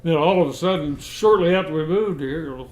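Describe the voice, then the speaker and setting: An older American man reminiscing about his childhood in a relaxed interview, chuckling and restarting his sentences as he goes. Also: on the high side, fairly quick, soft background music. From United States. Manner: rambling, chuckling storyteller with frequent restarts.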